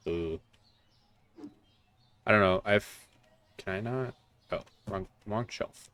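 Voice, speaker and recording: A man's voice: deep voice, fairly even intonation, normal speed, fairly bright tone. A man streaming a video game, chatting casually and rambling in a jokey, self-mocking way. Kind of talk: casual let's-play commentary.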